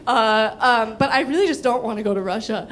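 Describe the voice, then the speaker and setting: A woman's voice: on the high side, fairly quick, crowd noise. A young woman doing stand-up, telling a story with casual swearing and frequent giggles. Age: young adult. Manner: giggly, breaks into laughter. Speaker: comedian.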